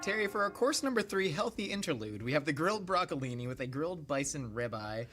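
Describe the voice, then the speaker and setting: Upbeat joking male host, lively pitch. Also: quick pace, over music. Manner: upbeat and jokey. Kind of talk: casual interview and food presentation.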